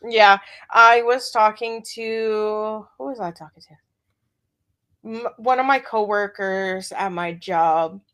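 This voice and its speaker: A woman in her thirties, a guest on a podcast, chatting casually in an unhurried way. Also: mid-range voice, a bit bright, smooth.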